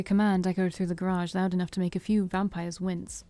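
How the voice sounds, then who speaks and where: Mellow woman narrating a visual novel. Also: on the low side, fairly quick, hardly any pauses, no room sound, soft background music. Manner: steady narration with small stumbles. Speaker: let's-play streamer. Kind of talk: reading a visual novel aloud.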